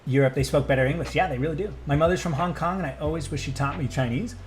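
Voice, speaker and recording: A young man, a streamer and voice actor, chatting casually with his live chat, excitable and swearing freely as he drifts into tangents. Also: fairly high pitch, fast, a little hiss or hum.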